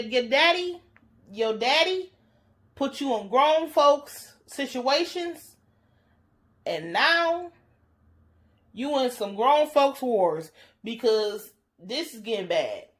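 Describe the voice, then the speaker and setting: A woman's voice: high-pitched, takes it slowly. Profane, blunt woman recapping a show. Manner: profane, blunt, animated storytelling. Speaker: TV reaction reviewer. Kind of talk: casual recap and commentary.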